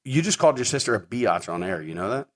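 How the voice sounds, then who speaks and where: A middle-aged man hosts his own podcast, rambling through stories in a casual monologue full of fillers and repeated words. His voice is medium-pitched, and he talks very fast and with great animation.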